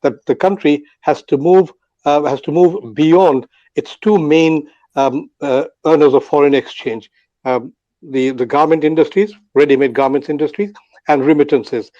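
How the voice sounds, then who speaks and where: An older man from Bangladesh gives his views on a live online audio panel, pausing often and restarting his sentences. His voice sits fairly high for a man yet has a dark, mellow tone. The audio is muffled and dry. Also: no room sound. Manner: halting, many fillers and restarts. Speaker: panel speaker.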